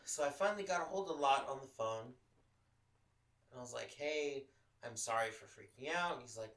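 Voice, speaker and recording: A man's voice: medium pitch, lively intonation, moderate pace, fairly bright tone, reverberant, far from the mic, low-quality recording. A man from Los Angeles hosting a podcast, telling a personal story in casual chat, candid and full of swearing. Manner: profane, candid, emotional storytelling. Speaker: podcast host.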